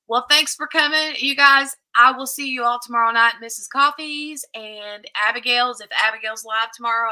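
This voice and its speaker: A woman's voice: on the high side, bright, forceful tone, low-quality recording. A woman hosting a casual craft livestream, chatting and thanking her viewers and moderators. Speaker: livestream host.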